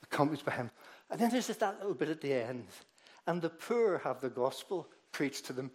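A man preaching a sermon, emphatic, moving between loud declarations and low, quiet asides, often repeating words as he goes. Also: sing-song, moderate pace.

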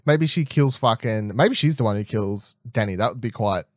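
A young man chatting casually as a podcast co-host, rambling and animated, swearing freely and restarting often. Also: on the low side, moderate pace, no room sound, studio quality. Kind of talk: casual chat, TV episode predictions.

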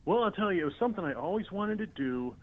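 A man, a comedian guest, telling comic anecdotes in an interview with a deadpan delivery and many fillers and restarts. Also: sits high, fast talker. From Illinois. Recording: dull lo-fi sound.

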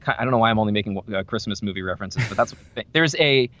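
A man chatting casually about movies, animated, his voice jumping high when he quotes himself. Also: rapid-fire, slight background noise. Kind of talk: casual film discussion.

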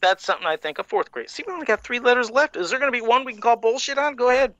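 A man's voice: very fast, no room sound, highs cut off. A man co-hosting a casual podcast, reading old fan letters aloud and joking about them with lots of laughter. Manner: animated, laughs often, jumps in pitch when joking. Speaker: podcast co-host.

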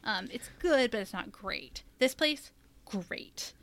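A woman's voice: fairly high pitch, lively intonation, slow, a bit bright, slight background noise. A woman in casual conversation, rambling with lots of fillers as she describes a trip. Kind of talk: casual chat.

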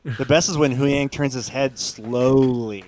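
Podcast co-host, man, mid-pitched, wisecracking, clear crowd chatter behind. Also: a little slow. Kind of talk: casual review chat.

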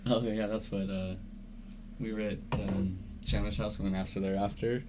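Young man, low voice, casual swearing chat, faint background hiss. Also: level tone, normal speed. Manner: laid-back, swears freely, laughs often.

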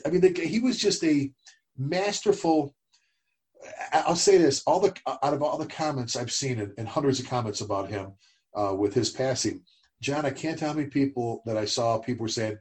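A middle-aged man co-hosting a casual talk show, telling stories and getting animated when he quotes others. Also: medium pitch, normal speed. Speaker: podcast co-host. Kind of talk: casual conversation.

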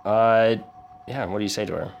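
A man's voice: on the low side, fairly even intonation, normal speed, gravelly, muffled recording. A man narrating as game master of a tabletop game, casual with many fillers. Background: music.

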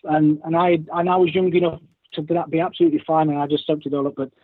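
Husky man on a tinny phone line. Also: on the high side, fairly even intonation, fast, no echo. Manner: hesitant, restarts and repeats words. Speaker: guest, former racer. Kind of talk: casual chat.

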